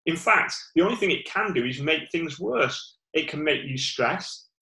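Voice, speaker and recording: A man's voice: a little high, lively intonation, moderate pace, vocal fry, sharp tone, reverberant, low-quality recording. A man with a Northern English accent giving an informal sermon, rambling with many fillers and restarts. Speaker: preacher.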